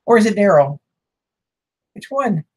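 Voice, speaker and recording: A woman's voice: mid-range voice, sing-song, measured pace, darkish tone, slightly rough. A woman, hosting a casual livestream, chatting with viewers, greeting them by name and laughing often. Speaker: livestream host.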